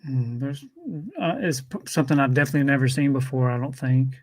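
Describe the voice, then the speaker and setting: A man's voice: medium pitch, steady tone, fast, a little mellow, no echo. A man as a guest in a casual chat, dry and sarcastic, hesitating with ums as he answers. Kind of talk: casual conversation.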